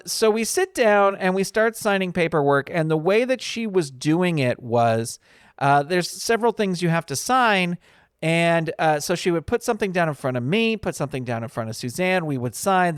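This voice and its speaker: A man's voice: on the high side, lively intonation, normal speed, smooth, dry recording, studio quality. A man hosting his own podcast in a casual, rambling solo chat full of ums and uhs. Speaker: podcast host.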